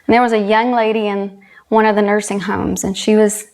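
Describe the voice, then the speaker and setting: A woman's voice: mid-range voice, flat delivery, brisk, darkish tone. A woman from South Carolina with a Southern US accent, earnestly telling a personal story as a guest and retelling dialogue. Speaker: guest, country singer.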